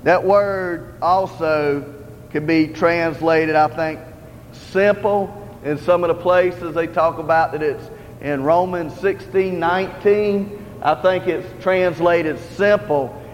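A man's voice: a little high, takes it slowly, a little hiss or hum. A man preaching in a church in an earnest, conversational style, repeating his points. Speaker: lay preacher. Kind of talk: sermon. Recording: dull, roomy hall recording with faint ambience.

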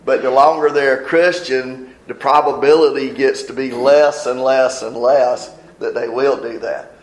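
A man's voice: mid-range voice, fairly even intonation, measured pace, reverberant, low-quality recording. A man preaching a sermon in a folksy manner, explaining scripture verse by verse. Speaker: pastor.

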